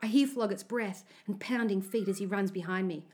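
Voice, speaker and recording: A woman narrating a children's story aloud in the first person, with an expressive, anxious telling. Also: medium pitch, fairly quick.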